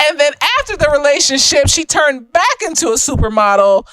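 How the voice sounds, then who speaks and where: A woman's voice: sits high, sing-song, unhurried, long pauses, fairly bright tone, dry recording. A young woman giving a casual, slightly tipsy film review, profane and emphatic, laughing often.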